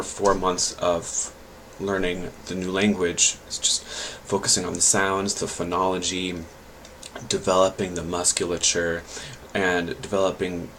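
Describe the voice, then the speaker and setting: A man's voice: low-pitched, a bit bright, slight background noise, rough recording. A man chatting casually on his vlog and giving language learning tips, rambling and hesitant with many fillers and restarts.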